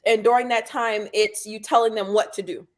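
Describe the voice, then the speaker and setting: Woman explaining calmly in a live chat. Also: fairly high pitch, moderate pace, low-quality recording. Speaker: guest. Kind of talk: conversational explanation.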